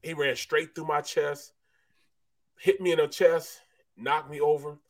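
A middle-aged former football player co-hosting a sports talk show, telling stories in a relaxed way, laughing and saying "man" a lot. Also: on the high side, measured pace, vocal fry. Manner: relaxed, laughing storyteller, says "man" often.

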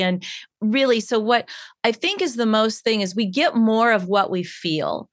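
A woman's voice: a little high, unhurried, no room sound, clean studio sound. A woman coach from Chicago talking animatedly in a casual podcast conversation, acting out quotes. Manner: animated, acts out quotes with big voices.

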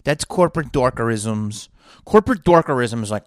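A man's voice: medium pitch, sing-song, takes it slowly, pauses often, dry recording, studio quality. A man hosting a solo podcast from a hotel room, telling a rambling story with lots of swearing and sighing. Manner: profane, sighing, digressive. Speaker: podcast host.

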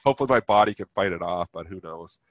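Man, nasal from a sinus infection, low voice, dry sound, blunt market talk. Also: quick pace, fairly bright tone, dry recording. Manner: blunt, emphatic. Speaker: co-host. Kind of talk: market commentary.

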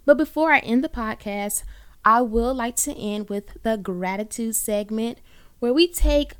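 A woman's voice: fairly high pitch, a little slow, clean tone. A woman hosting a short encouraging podcast, talking earnestly to listeners and saying y'all often. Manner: earnest, warm-hearted, uses y'all and folksy phrasing. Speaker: podcast host. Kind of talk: encouraging faith podcast monologue. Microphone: own microphone.

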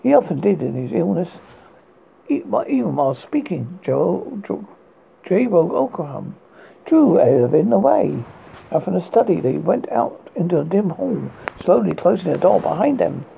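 A British man reads a ghost story aloud in a measured, dramatic way as a horror podcast host. His voice is extremely gravelly and husky, with a lively, rising and falling pitch. The sound is thin and tinny, like a phone line. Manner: measured, slow narration with stumbles.

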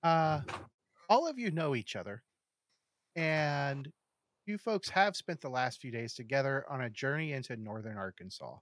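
A man running a tabletop game as game master, describing scenes in a steady narrating voice with casual asides to the players. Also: mid-range voice, moderate pace, no room sound.

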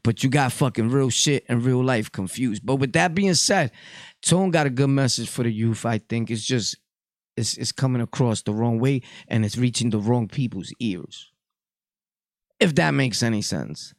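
A man's voice: mid-range voice, normal speed, dry recording, studio quality. A Puerto Rican man hosting a podcast, delivering a blunt, profane casual monologue. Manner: blunt, profane street talk. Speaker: podcast host.

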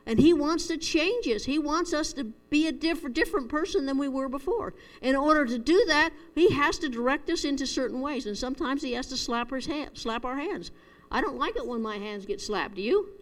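A woman's voice: high voice, animated, fairly quick. Earnest woman preaching in an echoey hall. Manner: earnest, storytelling, chuckles at herself. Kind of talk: conversational sermon.

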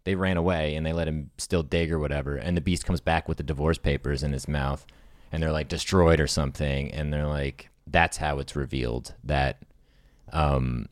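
A man's voice: normal speed, no echo, clean studio sound. A man casually brainstorming a story, laying out scenes like film cuts, with many likes and ums. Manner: relaxed, filler-heavy, pitches scenes like a film cut.

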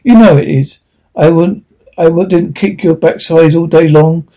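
A man's voice: fairly high pitch, steady tone, a little slow, mellow. A man voicing a stubborn human planter on a frontier world, talking in a curt, commanding way. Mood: stern.

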